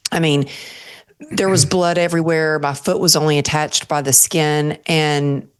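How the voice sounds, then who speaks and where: A woman's voice: low voice, fairly even intonation, unhurried, clean tone. A woman guest on an interview show, earnestly telling a personal story and acting out her own thoughts as she goes.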